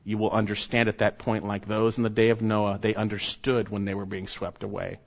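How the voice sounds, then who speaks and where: A man preaching a sermon, reading scripture and pressing his listeners with emphatic, urgent rises and hushed drops. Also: fairly low pitch, little pitch movement, fairly quick. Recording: dull sound, long reverb of a church hall.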